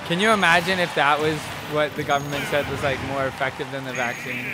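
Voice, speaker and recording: A man hosting his own vlog speaks in a high, excitable voice, calling out to his viewers as he goes. Clear background music plays under his casual commentary. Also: a little fast. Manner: excitable, talks straight to viewers. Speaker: streamer and video host.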